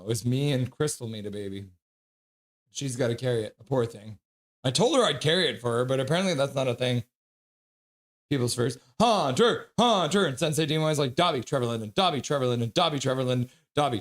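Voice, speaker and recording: A man giving casual play-by-play on a live stream, excitably reading out viewers' chat messages. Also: medium pitch.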